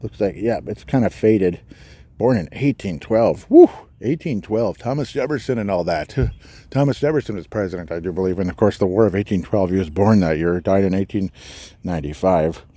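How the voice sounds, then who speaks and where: Male podcast host, mellow low voice, halting outdoor walk-and-talk, slightly winded. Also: animated, no room sound. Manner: musing, halting, reads out names and dates. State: slightly out of breath. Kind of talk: walking tour commentary. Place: outdoors in a cemetery.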